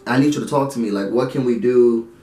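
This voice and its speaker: A man's voice: medium pitch, fast talker, mellow, reverberant, faint music behind, pitched below the performer's own voice, close to an everyday voice. A man voicing a young man who earnestly coaxes his upset partner. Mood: coaxing. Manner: coaxing, earnest.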